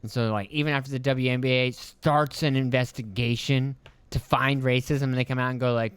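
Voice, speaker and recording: Smooth-voiced man ranting profanely. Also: medium pitch, steady tone, a little fast, no echo. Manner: profane, mocking, heated rant with put-on voices. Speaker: podcast host. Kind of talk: ranting solo podcast commentary.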